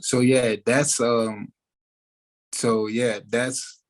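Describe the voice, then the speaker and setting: A man, a musician giving an interview, talking in a relaxed way with many fillers like "like" and "you know". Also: medium pitch, extremely slow, rough recording. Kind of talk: casual interview talk.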